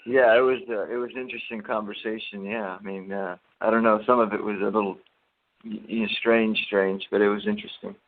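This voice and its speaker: A man calling in to a radio show, answering briefly in a low-key, hesitant way. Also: little pitch movement, a little fast. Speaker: caller. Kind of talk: casual call-in radio chat. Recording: tinny phone line.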